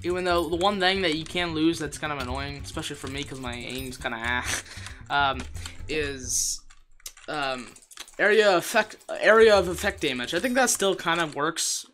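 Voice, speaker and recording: A streamer giving live gameplay commentary, excitable and jokey, laughing often and repeating phrases. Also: mid-range voice, normal speed, soft background music. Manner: jokey, self-deprecating.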